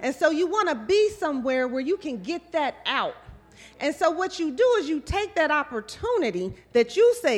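A woman's voice: sits high, very animated, normal speed. A woman giving a sermon, preaching conversationally with storytelling and quoted asides. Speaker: guest speaker.

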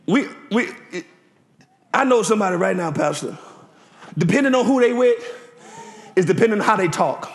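A man preaching a sermon as a visiting preacher in a church, firing call-and-response lines and shouting them out. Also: sits high, lively intonation, normal speed, long pauses. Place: church sanctuary. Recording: roomy church echo.

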